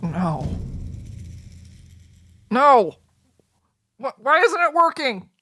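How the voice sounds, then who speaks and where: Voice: sits high, big pitch swings, drawn-out words, pushed and bright, exaggerated voice. A tabletop player voicing a distraught young trainer, pleading and crying out in denial. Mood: desperate grief. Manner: pleading, breaking into cries.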